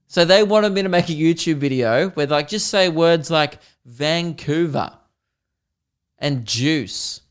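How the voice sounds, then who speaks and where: A man's voice: on the high side, slow pace, smooth. An Australian man hosting his own podcast, talking casually on his own in rambling, self-deprecating tangents. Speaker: podcast host. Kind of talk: casual solo podcast monologue.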